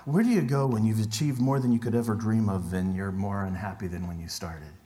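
Pastor, man, middle-aged, somewhat low voice; chatty sermon delivery with hushed emphasis. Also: fairly quick. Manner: conversational, drops to hushed tones for emphasis.

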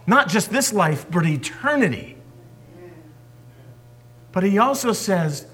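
A man preaching a sermon as a pastor, swinging from forceful emphasis down to hushed whispers. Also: sits high, very animated, slow, pauses often, slightly rough.

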